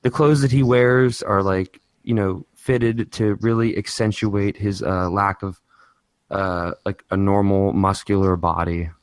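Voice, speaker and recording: A man chatting on a podcast in a halting way, full of fillers. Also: on the low side, fairly even intonation, smooth, no room sound. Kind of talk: casual podcast chat.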